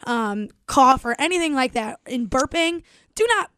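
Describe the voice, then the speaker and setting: A woman's voice: high voice, lively intonation, moderate pace, fairly bright tone, clean tone, dry recording. A woman co-hosting a podcast in casual chat, self-deprecating and easily grossed out. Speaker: co-host.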